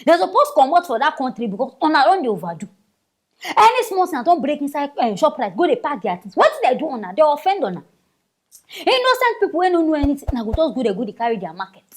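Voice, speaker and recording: Lively high-voiced Nigerian woman commentator. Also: fast talker. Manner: mocking, exclamatory, chatty. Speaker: news commentator. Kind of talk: casual news commentary.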